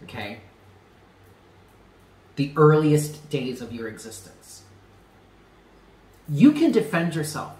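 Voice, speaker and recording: A man's voice: mid-range voice, very animated, a little slow, pauses often, darkish tone, roomy sound, low-quality recording. A man giving a tarot reading, speaking earnestly and stressing points by repeating them. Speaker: tarot reader.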